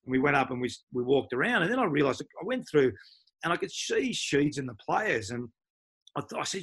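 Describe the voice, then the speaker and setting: A man's voice: medium pitch, brisk, husky. An older Australian man, a former footballer and coach, telling stories in a casual interview and mimicking other people's voices. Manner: animated, mimics voices in anecdotes.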